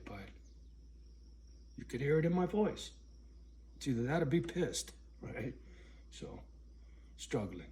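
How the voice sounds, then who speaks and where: A man's voice: medium pitch, big pitch swings, takes it slowly, long pauses, dark tone, a little hiss or hum. A man ranting bluntly and profanely in a casual vlog, alone at home. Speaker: vlogger. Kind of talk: casual rant to camera.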